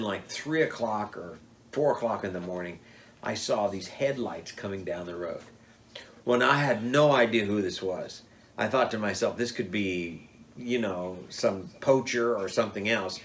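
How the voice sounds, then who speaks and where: An older man telling old hunting stories in a lively way, jumping up in pitch when he acts out what people said. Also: slight background noise. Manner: animated, acts out quotes with big pitch jumps. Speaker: storyteller.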